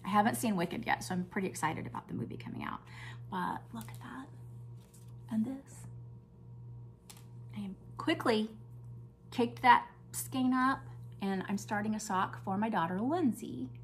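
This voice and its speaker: An older woman hosting a crafting vlog, chatting enthusiastically as she shows off her projects and sometimes dropping to a hush. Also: medium pitch, normal speed, pauses often, a little hiss or hum. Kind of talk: casual show-and-tell chat.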